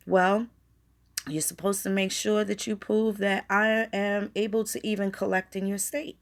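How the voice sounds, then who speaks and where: A woman's voice: medium pitch, steady tone, moderate pace. A woman vlogger in a casual live-stream rant, talking straight to her viewers in a blunt, profane, fired-up way. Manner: addresses viewers directly.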